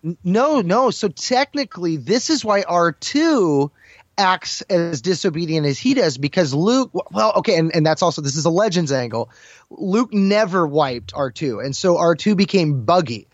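A man's voice: fairly high pitch, lively intonation, normal speed, no echo. A man co-hosting a casual fan discussion, talking eagerly and acting out character lines. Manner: enthusiastic, acts out character lines. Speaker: podcast co-host. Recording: dry, dull lo-fi sound.

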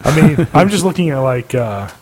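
Give me a lively, joking man on a podcast. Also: mid-range voice, slightly rough. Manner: joking, crude, quick to laugh. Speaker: podcast co-host. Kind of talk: casual chat.

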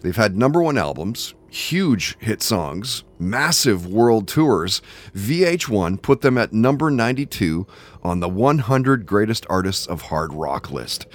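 An easygoing man hosting a podcast, his voice sitting a little low. He moves between a read-out guest introduction and relaxed chat. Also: unhurried. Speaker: podcast host.

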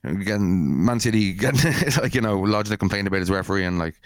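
A man's voice: on the low side, fast talker. A man co-hosting a podcast, arguing in a rambling way with many restarts. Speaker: podcast co-host. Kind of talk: heated casual banter.

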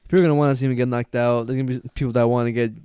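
A man's voice: mid-range voice, steady tone, very fast, dark tone, clean tone, dry recording. A young man in his twenties co-hosting a podcast, laid-back and agreeable, laughing often in casual chat. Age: 20s. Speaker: podcast co-host.

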